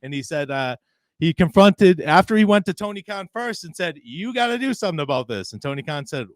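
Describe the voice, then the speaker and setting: A man's voice: fairly high pitch, lively intonation, fairly quick, no room sound. A man co-hosting a wrestling podcast, retelling a backstage story in casual chat and laughing often as he quotes others. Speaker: podcast co-host.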